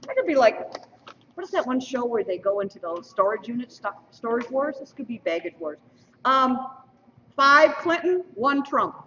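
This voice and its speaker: A woman's voice: a little high, very animated, moderate pace, pushed and bright, recorded from a distance, slight background noise. A woman emceeing a school mock election, reading out results and tossing in playful trivia asides to an audience. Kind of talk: lively announcing to an audience. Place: school hall. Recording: dull lo-fi stream, roomy hall from afar.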